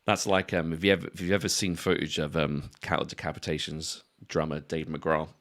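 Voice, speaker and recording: A very low-pitched young British man chatting on a podcast. He talks in a loose, unhurried way, drops swear words freely and often laughs at his own quips. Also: level tone, fairly bright tone. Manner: laid-back, swears casually, laughs at own jokes. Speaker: podcast co-host. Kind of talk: casual chat.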